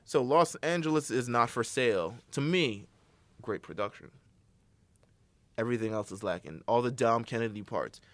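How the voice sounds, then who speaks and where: A man's voice: medium pitch, moderate pace, no echo. A young man co-hosting a podcast in casual chat, loose and profane, joking and laughing often. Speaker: podcast co-host.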